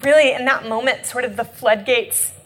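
A young woman's fairly high voice tells a personal faith story through tears. She speaks haltingly, pausing often on fillers and restarting her sentences. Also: fairly even intonation. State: tearful. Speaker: nonprofit director. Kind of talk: personal testimony.

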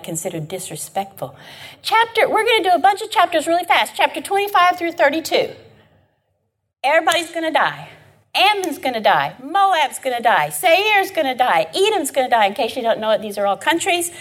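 A woman's voice: sits high, a bit bright. A woman leading an informal Bible class. She talks in a chatty, emphatic way and keeps checking in with her listeners. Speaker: Bible study teacher.

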